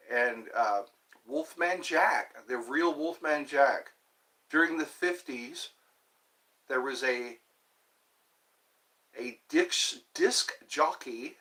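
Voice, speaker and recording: Rambling man in his fifties, lively pitch. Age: 50s. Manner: rambling, talks to himself, jumps between topics. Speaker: livestream host. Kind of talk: rambling solo livestream chat.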